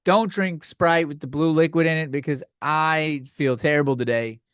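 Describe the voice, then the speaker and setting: A man's voice: fairly high pitch, fairly even intonation, moderate pace, fairly bright tone, clean tone, no echo. A young man hosting a comedy podcast, ranting with profane exasperation into a close mic. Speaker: podcast host.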